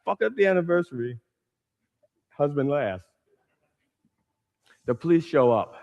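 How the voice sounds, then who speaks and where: A man telling a stand-up story, animated, acting out the people in it. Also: fairly high pitch, unhurried, muffled recording. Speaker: stand-up comedian.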